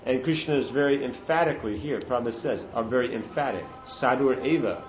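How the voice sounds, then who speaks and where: A man's voice: medium pitch, fast talker, echoey room, highs cut off, music in the background. A man giving a sermon-style scripture class, earnest and emphatic, using Sanskrit terms.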